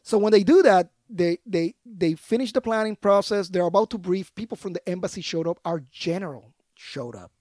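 A man, a podcast guest and army veteran, telling stories in a casual, slangy, animated way in a studio. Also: high voice, a little fast, few pauses, dry recording. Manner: animated, slangy, acts out other voices. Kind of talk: casual storytelling.

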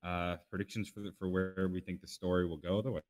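Deep voiced guy on a podcast, hesitant, lots of ums and restarts. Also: little pitch movement, darkish tone, dry recording, studio quality. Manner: hesitant, halting, lots of fillers. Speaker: podcast co-host. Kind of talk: casual chat.

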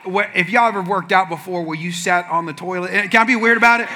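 A man preaching as a pastor, telling a funny personal story in a lively way and acting out the other people in it with sudden shouts. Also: sits high, fast talker, slight background noise. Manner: animated, acts out quotes with sudden shouts. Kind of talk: humorous sermon storytelling.

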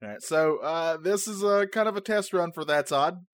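Co-hosting a podcast on a new podcast microphone, a man whose first language isn't English chats casually, joking and laughing often. His voice is on the high side at normal speed, in studio-quality audio with no room sound.

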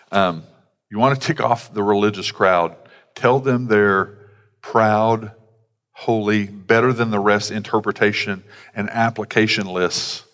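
A man's voice: on the low side, fairly bright tone. A man, a pastor, preaching a sermon in a conversational way with casual asides. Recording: long hall reverb.

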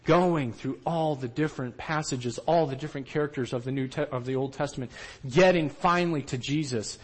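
A man giving a storytelling talk to trainees, animated, and he acts out the quotes himself. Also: medium pitch, fairly quick, rough recording. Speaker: missionary trainer.

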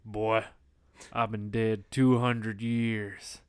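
A man voicing a sly, unhurried male vampire with a slow drawl. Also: lowish voice, flat delivery, clear, resonant tone, no echo, studio quality. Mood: wry.

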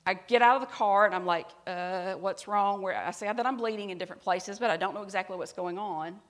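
Brief middle-aged woman preacher, earnest storyteller, goes soft and hushed at tender moments. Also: mid-range voice, fast. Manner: earnest storytelling, drops to soft quiet tones at emotional parts. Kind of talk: sermon with personal story.

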